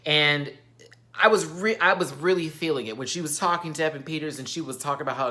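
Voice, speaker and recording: A man's voice: on the high side, quick pace, pushed and bright. A man ranting through a TV recap in a sassy, campy, theatrical way. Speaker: TV recap vlogger. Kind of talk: animated TV recap rant.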